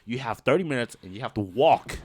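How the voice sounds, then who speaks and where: A man's voice: mid-range voice, lively intonation, a little fast, dry recording. A young man hosting a podcast, telling school stories casually, swearing freely and laughing often. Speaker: podcast host. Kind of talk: casual storytelling chat.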